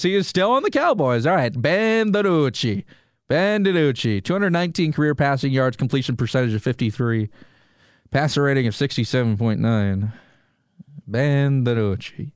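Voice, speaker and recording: The man's voice is on the high side, and the recording is dry with clean studio sound. Hosting his solo sports podcast as a sports radio host, he launches into animated rants full of rhetorical questions aimed straight at his audience.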